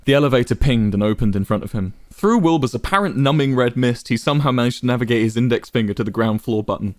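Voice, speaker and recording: A man reading a dramatic story aloud with expressive, varied storytelling. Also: mid-range voice, dry recording, studio quality. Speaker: narrator. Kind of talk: dramatic fan fiction reading.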